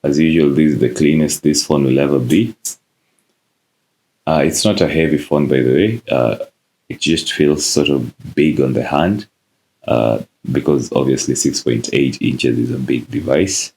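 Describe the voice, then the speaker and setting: A man narrating a phone unboxing in a casual, relaxed way, with frequent "uh" fillers. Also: very deep voice, a little slow. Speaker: tech reviewer.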